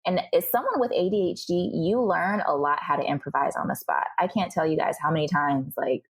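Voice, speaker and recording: A woman's voice: deep voice, slightly rough. A young adult woman speaking as a podcast guest, telling her story candidly and acting out what other people said to her. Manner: animated, acts out other people's remarks in quick bursts.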